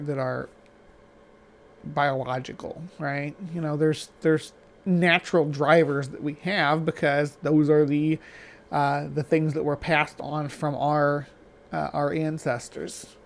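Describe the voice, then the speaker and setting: A man with a slightly raised voice argues back at a clip, stopping and restarting his sentences as he hunts for the right words. He presses his points with repeated questions. He sounds like a live-stream host thinking out loud. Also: on the high side, level tone, vocal fry, a little hiss or hum. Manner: argumentative, halting with many restarts and fillers. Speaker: stream host reacting to a video. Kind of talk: live-stream reaction commentary.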